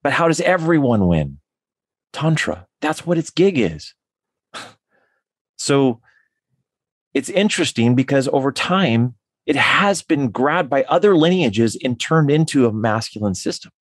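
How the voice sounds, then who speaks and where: An enthusiastic man explains his ideas as a podcast guest, often restarting his phrases mid-thought. His voice sits at an average pitch. The recording is dry and close. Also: very animated, measured pace, no echo. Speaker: guest, tantric counselor. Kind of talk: podcast interview.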